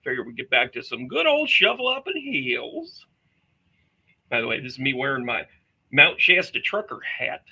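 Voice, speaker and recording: Bright, gravelly-voiced man chatting casually. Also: medium pitch, sing-song, normal speed, low-quality recording. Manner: rambling, chatty, jokey asides. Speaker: psychic medium host. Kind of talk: casual livestream chat.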